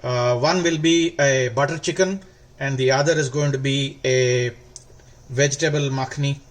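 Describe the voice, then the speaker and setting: A man hosting a cooking video, explaining each step slowly and warmly praising the food. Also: mid-range voice, steady tone. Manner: slow, instructive, gently enthusiastic. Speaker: cooking show host. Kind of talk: cooking demonstration.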